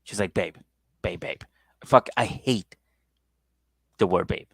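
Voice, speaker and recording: A man co-hosting a comedy podcast, telling stories casually and jumping into high-pitched impressions. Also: slow, creaky, a bit bright, breathy edge, no room sound, clean studio sound. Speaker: podcast co-host.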